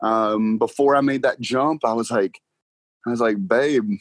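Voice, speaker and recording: Young guy telling a story fast, laughs a lot, says bro, dry mic. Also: mid-range voice, dry recording. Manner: excited, laughs often, talks fast with "like" and "bro". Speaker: guest car salesman. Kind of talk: casual storytelling interview.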